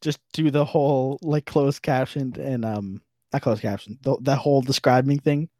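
A man's voice: medium pitch, steady tone, normal speed, darkish tone, no room sound, studio quality. A man hosting a podcast in a casual, goofy, rambling chat. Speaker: podcast host.

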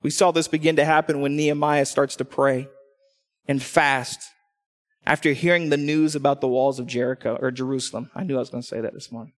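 A man's voice: medium pitch, brisk. A middle-aged man preaching a sermon as pastor, telling stories and acting out quotes. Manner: animated storytelling, acts out quotes. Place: church hall. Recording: hall reverb.

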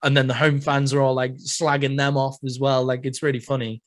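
A man's voice: mid-range voice, level tone, fairly quick. A young man from England with a British accent, hosting a podcast in casual chat and swearing freely. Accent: British English. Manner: chatty, swears a lot, laughs often. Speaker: podcast host.

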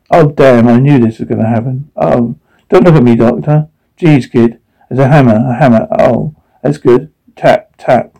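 A man reading out a drama's dialogue along with its sound cues, in one even voice. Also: mid-range voice, gravelly, poor audio.

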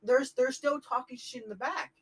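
A man telling a story in a casual chat among friends, with animated retelling and lots of filler words. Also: very high voice, moderate pace, slightly rough, rough recording. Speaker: podcast co-host.

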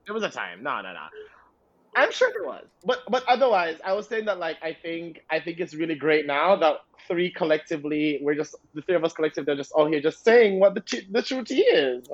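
A man co-hosting a casual podcast chat, sassy and exclamatory, quick to laugh. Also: a little high, big pitch swings, highs cut off. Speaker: podcast co-host. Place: remote virtual studio.

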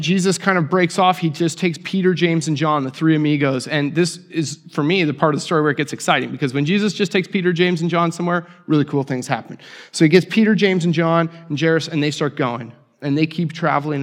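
A man preaching a sermon, telling the story with lively acted-out voices and casual asides. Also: medium pitch. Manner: animated storytelling, acts out voices of biblical figures. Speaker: pastor.

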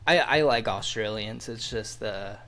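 A man's voice: on the low side, unhurried, sharp tone. A young man co-hosting a podcast, trading crude jokes in casual banter. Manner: joking, crude, jumps into bits. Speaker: podcast co-host.

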